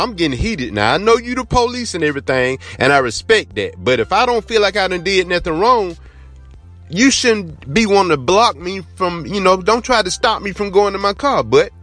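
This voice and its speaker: A man's voice: on the high side, fairly bright tone. Earnest Georgia man telling a story. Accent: Southern US, Georgia. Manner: earnest, rambling, repeats himself. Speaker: podcast host. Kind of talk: casual spoken storytelling.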